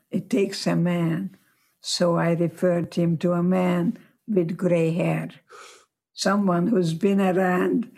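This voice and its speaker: A woman in her nineties, a guest telling her life story slowly and reflectively. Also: lowish voice, creaky, dark tone. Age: 90s.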